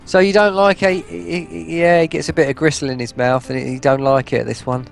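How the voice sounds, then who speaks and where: A man's voice: on the high side, flat delivery, fairly quick, gravelly, music in the background. A man, a guest on a stream, chatting in a rambling, teasing way and laughing at his own jokes. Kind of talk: casual chat.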